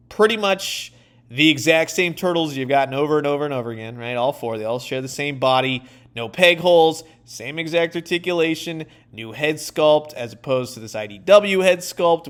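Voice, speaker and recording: A man chatting enthusiastically to viewers in a casual toy review vlog. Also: a little high.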